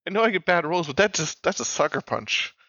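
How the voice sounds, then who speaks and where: A man playing a tabletop game, animated and self-mocking, laughing often. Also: on the high side, fairly quick, breathy edge, no room sound, dull audio. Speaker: player. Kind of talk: tabletop role-play over a call.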